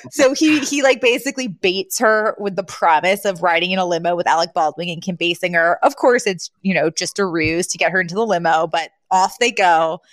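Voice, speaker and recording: A woman hosting a podcast, recapping a TV episode in casual chat, animated and laughing often as she acts out quotes. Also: on the low side, fairly quick, few pauses, no room sound. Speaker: podcast host.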